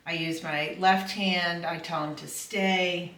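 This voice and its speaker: A middle-aged woman dog trainer explaining puppy training in a calm, affirming voice. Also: fairly low pitch, slow pace. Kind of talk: instructional voice-over. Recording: echoey room, from far off, faint noise.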